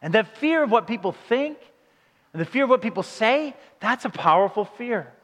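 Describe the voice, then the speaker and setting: High-voiced preacher in a reverberant hall. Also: male voice, animated, normal speed. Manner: dramatic, with hushed low passages and emphatic questions. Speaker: pastor. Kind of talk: sermon.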